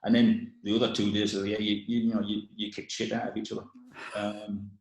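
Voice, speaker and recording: A man in his sixties, a former footballer, chatting casually as a podcast guest in a relaxed way with many restarts. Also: fairly low pitch, brisk, vocal fry, reverberant, low-quality recording. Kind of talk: casual chat.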